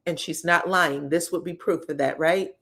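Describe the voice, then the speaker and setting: A woman recapping a reality TV episode, talking candidly and straight to the cast, slangy and quick to swear. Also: on the low side. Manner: slangy and expressive. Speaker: reality TV commentator.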